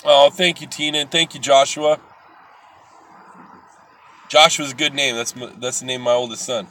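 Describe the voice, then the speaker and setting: A middle-aged man hosting a live video, talking bluntly and preachily to viewers with some swearing, swinging from loud outbursts to soft, earnest stretches. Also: mid-range voice, little pitch movement, normal speed. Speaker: livestream host.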